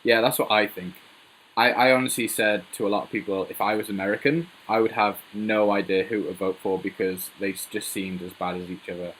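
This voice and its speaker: A man's voice: on the low side, fairly even intonation, fairly quick, a bit bright, slight background noise, rough recording. A man hosting a casual live Q&A stream, joking and rambling as he laughs at his own jokes. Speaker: livestream host.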